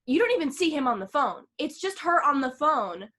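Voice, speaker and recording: Woman on a podcast, kinda high voice, animated retelling, swears a lot. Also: fairly quick. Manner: animated retelling with acted-out quotes; swears freely. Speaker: podcast co-host. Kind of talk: casual film discussion.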